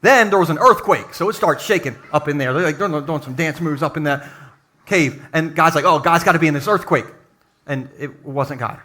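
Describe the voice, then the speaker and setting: A male pastor preaching a sermon at a live church service, lively and joking, acting out quotes. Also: a little high, moderate pace.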